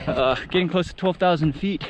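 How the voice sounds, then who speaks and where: A man narrating a trail run out loud in a casual, enthusiastic way, out of breath as he climbs a high mountain trail outdoors. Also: fairly quick, background noise. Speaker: trail running vlogger and coach. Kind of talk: casual vlog narration while running.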